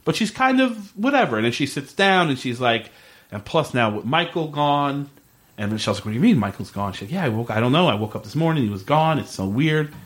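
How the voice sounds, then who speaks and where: A man co-hosting a casual podcast, recapping a TV show. He talks loosely, full of likes and ums, and his voice jumps up in pitch when he acts out what the characters said. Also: fairly quick. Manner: animated retelling with filler words, quotes characters in a lively voice. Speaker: podcast co-host recapping a TV episode. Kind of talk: casual chat.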